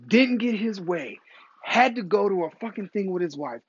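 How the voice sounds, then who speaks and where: A man hosting a podcast, delivering a profane, animated comedic rant. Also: high voice, normal speed, slightly rough, muffled recording. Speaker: podcast host.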